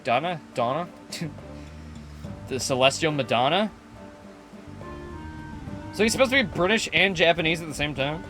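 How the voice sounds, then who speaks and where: A young man streaming a video game, joking, swearing and reading dialogue aloud with loud excitement. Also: on the high side, moderate pace, long pauses. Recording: game music behind.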